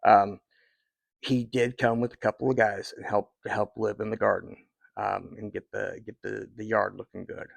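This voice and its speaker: A man's voice: fairly low pitch, little pitch movement, normal speed, gravelly, no room sound. A man in his fifties talking to his viewers in a rambling, heartfelt way, with many fillers and restarts. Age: 50s. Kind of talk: casual personal talk to viewers.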